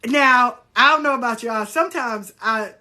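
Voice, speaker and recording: A woman's voice: fairly high pitch, moderate pace. A middle-aged woman chatting casually, bluntly telling stories and acting out the other people's lines. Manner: blunt, animated, acts out dialogue with swearing. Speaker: spiritual practitioner sharing stories. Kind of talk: casual storytelling chat.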